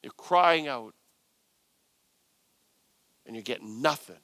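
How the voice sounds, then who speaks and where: A man preaching a sermon, retelling a scripture story with animated storytelling and voiced quotes. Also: medium pitch, takes it slowly, no echo. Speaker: pastor.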